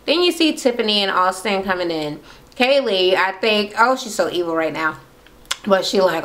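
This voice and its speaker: A woman's voice: mid-range voice, fairly quick, fairly bright tone. A woman casually recapping a reality show, swearing freely and acting out everyone's lines in different voices. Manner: profane, acts out quotes in varied voices. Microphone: camera mic.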